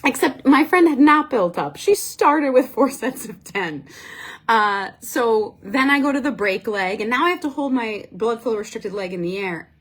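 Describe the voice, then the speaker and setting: A woman telling a casual story as a host, animated and self-mocking, with frequent fillers. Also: fairly high pitch, moderate pace. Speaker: Pilates instructor and podcast host.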